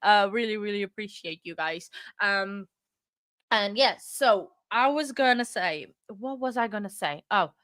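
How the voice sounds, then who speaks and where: A woman's voice: mid-range voice, a little slow, a bit bright, smooth, no room sound, studio quality. A woman hosting a true crime livestream, chatting casually and gushing thanks to her viewers in a rambling, emotional way. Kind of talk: casual livestream chat, reading viewer comments.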